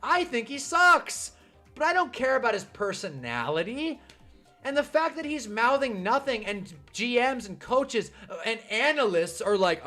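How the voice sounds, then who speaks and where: Animated young man ranting on a livestream. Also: very high-pitched, unhurried, soft background music. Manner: animated, ranting, swears, laughs often. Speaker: livestream host reading chat. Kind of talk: casual live-stream rant about football.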